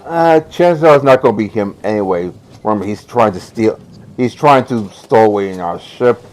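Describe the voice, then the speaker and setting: A man playing a tabletop game, calmly reasoning things through. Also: fairly low pitch, normal speed, a little hiss or hum. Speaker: player.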